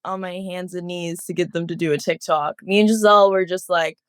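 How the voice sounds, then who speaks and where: This guest footballer, a twenty-year-old woman from Los Angeles, USA, talks on a casual podcast interview in a fairly low, steady, clean voice at a fairly quick clip. Giggly and quick to laugh, she leans heavily on "like". The clean studio recording has no echo.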